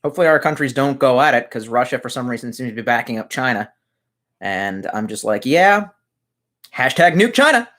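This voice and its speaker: A man's voice: medium pitch, fairly even intonation, quick pace, fairly bright tone. Rambling, profane male streamer. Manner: rambling and profane, often muttering asides. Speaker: livestreamer reading chat comments. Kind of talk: casual livestream chat. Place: his messy room at home.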